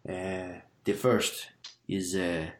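A man voicing a polite, fussy male butcher shopkeeper with a put-on foreign accent, speaking haltingly with many fillers, in a roomy space. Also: low voice, flat delivery, pitched below the performer's own voice. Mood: hesitant. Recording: roomy echo.

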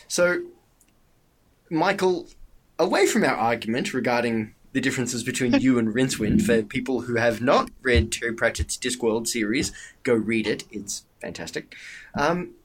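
Lively man running a tabletop game. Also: unhurried. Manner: animated, laughing, jumping up in pitch when excited. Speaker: game master.

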